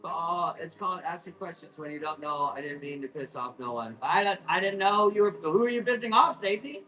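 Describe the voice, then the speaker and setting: A man hosting a live plant auction, rambling, apologizing and swearing as he hurries through his sales pitch. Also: brisk, pushed and bright, faint music behind, rough recording. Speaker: live-stream plant seller. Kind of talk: live auction selling chat.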